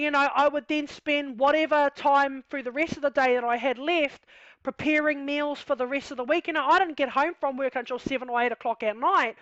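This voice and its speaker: A woman's voice: high voice, fairly bright tone, dry recording. A woman with a New Zealand accent telling her own life story in a candid, heartfelt, casual way, full of "you know" and "like". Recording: dull lo-fi sound.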